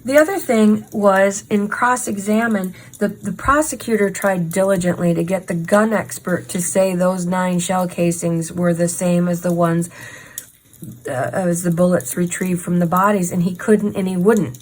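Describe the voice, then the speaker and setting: A woman's voice: on the low side, steady tone, normal speed, rough recording. A woman hosting a casual true crime chat while crafting, talking in an indignant, sarcastic, emphatic way. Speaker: host.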